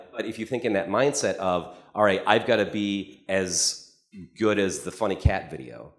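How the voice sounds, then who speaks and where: A man presents at a conference in a low, grounded voice. He tells his stories in a loose, conversational way, often restarting and repeating words. The sound carries a noticeable echo from a large hall. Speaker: conference speaker. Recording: echoey hall.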